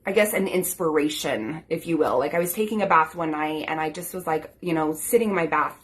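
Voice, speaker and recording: A woman's voice: deep voice, brisk. A woman in her thirties, a life coach, telling her own story in an earnest, grateful, chatty way full of "like" and "um" fillers. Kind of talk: personal storytelling to camera.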